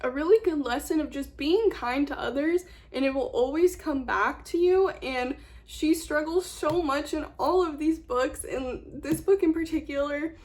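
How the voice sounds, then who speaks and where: A young woman vlogger chatting casually about books she read, gushing and rambling, repeating words for emphasis. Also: high voice. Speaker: book vlogger. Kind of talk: casual book review chat.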